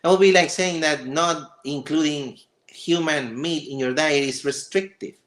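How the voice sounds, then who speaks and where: A man hosting a livestream, reacting to a video with sarcastic, exasperated commentary and excited stammering. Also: fairly high pitch, a little slow. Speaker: livestream host.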